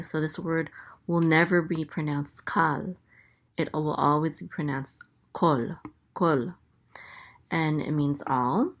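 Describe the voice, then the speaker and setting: A woman teaching a language lesson, going through letters and vowels and patiently repeating each syllable. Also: sits low. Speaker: Hebrew teacher. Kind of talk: slow, careful letter-by-letter lesson.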